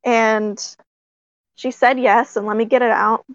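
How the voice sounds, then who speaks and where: A woman puppeteer telling a story in casual talk, excited, often laughing and using many fillers. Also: on the high side, unhurried, no echo. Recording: dry, slightly dull recording.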